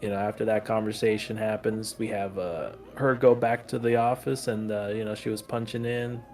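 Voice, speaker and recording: Male co-host, low voice, halting recap with lots of fillers, faint music under. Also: little pitch movement, darkish tone. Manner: halting, many fillers and restarts. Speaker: podcast co-host. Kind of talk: casual episode recap.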